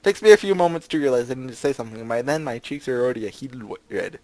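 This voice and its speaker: A man's voice: mid-range voice, very fast, a little mellow, dry recording. A man hosting a let's play, reading a visual novel aloud and breaking off for sarcastic, jokey asides. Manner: sarcastic, jokey asides between read lines.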